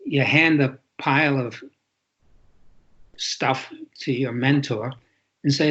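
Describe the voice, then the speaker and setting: Over muffled, lo-fi audio, an octogenarian author from New York City gives a reflective interview, often repeating words for emphasis. He speaks slowly and pauses often, with a medium-pitched, fairly bright, slightly rough voice.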